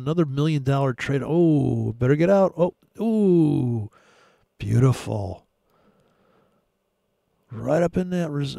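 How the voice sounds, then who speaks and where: A man's voice: mid-range voice, expressive, a little slow, vocal fry, long pauses, dark tone, no room sound, studio quality. A man giving crude, sarcastic commentary while trading live charts. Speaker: forex trader.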